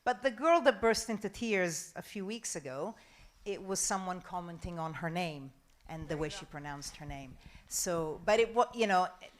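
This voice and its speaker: Frank middle-aged woman from Denmark. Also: on the low side. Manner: frank, chatty, emphatic. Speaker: panel speaker. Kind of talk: festival panel answering audience questions.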